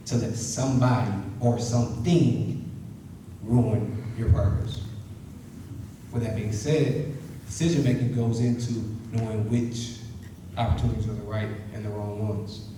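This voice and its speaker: Man, motivational speaker, energetic, echoey hall, distant mic, audible noise. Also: lowish voice, moderate pace. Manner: energetic, calls the audience to chant along. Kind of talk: motivational talk to students. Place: university hall.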